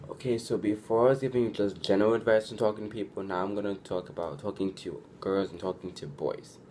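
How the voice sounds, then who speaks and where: With a lowish, steady, darkish voice, a young man talks fast to his viewers, offering relaxed advice as a vlogger. He uses "like" heavily, often starts sentences over, and acts out quoted lines, while slight background noise sits underneath.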